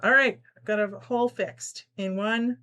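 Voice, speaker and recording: Speaking a little slowly, this woman has a medium-pitched, steady voice with a bright, forceful tone. She's a middle-aged New Jerseyan running a relaxed live-stream sew-along, laughing a lot and reading out comments from viewers while she works.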